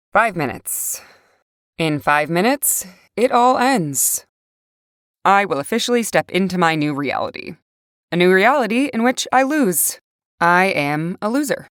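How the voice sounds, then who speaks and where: A young woman reading a first-person story aloud, swinging between rage and quiet despair. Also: lowish voice, very animated, a little slow, clean tone, dry recording, studio quality. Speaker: narrator. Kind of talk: first-person scripted narration. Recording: faint music bed.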